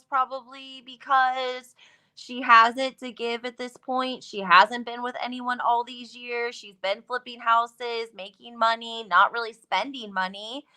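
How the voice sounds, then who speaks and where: Bright, slightly high woman guest chatting. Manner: agreeable, many fillers like "like" and "um". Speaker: guest commentator. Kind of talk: casual gossip chat.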